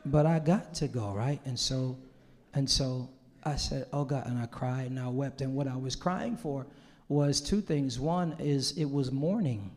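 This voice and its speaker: A man from Los Angeles who is a pastor, preaching a sermon to his congregation. He goes from hushed, tearful confession to shouted exclamation. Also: mid-range voice, a little slow, long reverb tail. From Los Angeles, USA. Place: large church hall.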